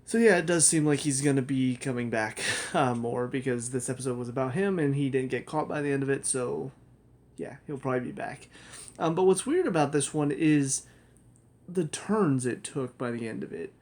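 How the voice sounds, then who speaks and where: A man's voice: medium pitch, moderate pace, a little mellow. A man giving a casual spoken review of a TV show, rambling, correcting himself and laughing often.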